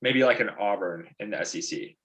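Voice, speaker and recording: A man's voice: fairly low pitch, brisk, a crowd in the background. A young man co-hosting a podcast, chatting eagerly about his favorite college football players. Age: young adult. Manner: enthusiastic, chatty fan talk. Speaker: podcast co-host. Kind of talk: casual sports chat.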